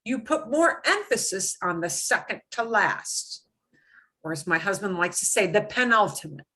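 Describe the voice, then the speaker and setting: A woman's voice: mid-range voice, big pitch swings, moderate pace, bright, forceful tone, husky. A middle-aged woman teaching a language lesson, explaining patiently with lots of repetition and emphatic examples. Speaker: Spanish teacher.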